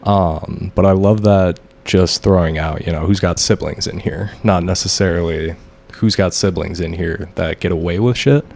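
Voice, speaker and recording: A man's voice: sits low, moderate pace, gravelly, darkish tone. A man hosting a casual chat, giving a comedian encouraging feedback and advice. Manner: encouraging, coaching. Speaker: host.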